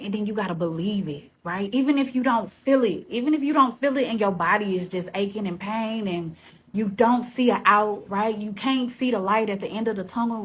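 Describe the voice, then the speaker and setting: A woman's voice: medium pitch, breathy edge. Earnest woman sharing her story. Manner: earnest and encouraging, casual and heartfelt; slips into a preacher-like call to keep going. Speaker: vlogger. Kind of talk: personal testimony vlog.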